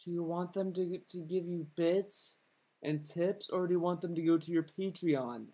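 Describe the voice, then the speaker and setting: A man's voice: fairly high pitch, normal speed, dark tone, husky. A man delivers an angry reaction commentary, swearing constantly. His tone stays sarcastic and mocking as he rants at the person on screen.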